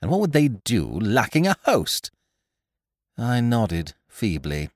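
A man narrating a story in a wry, expressive reading. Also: fairly low pitch, takes it slowly, dry recording, studio quality. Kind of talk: scripted audiobook narration.

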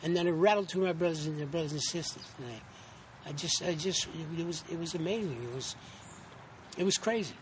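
Middle-aged actor, high voice, animated storyteller, loose rambling delivery, faint hiss behind. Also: male voice, fairly quick. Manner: rambling, animated anecdotes with acted-out quotes and many restarts. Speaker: actor and interview guest. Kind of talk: casual interview storytelling.

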